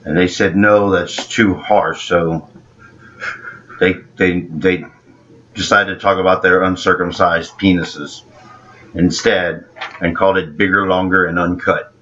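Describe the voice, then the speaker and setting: A man's voice: low voice, flat delivery, a little slow, long pauses, pushed and bright. A man who works as an actor, co-hosting a casual movie chat in a playful, jokey way. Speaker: co-host of a movie review show, working actor. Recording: dull sound with faint background hiss.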